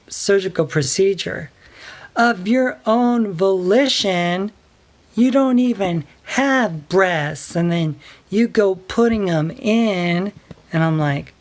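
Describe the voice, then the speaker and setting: A woman speaks slowly and softly, telling a personal story to her vlog audience. Her voice sits fairly low, and she hesitates often, filling her pauses with small fillers. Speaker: vlogger.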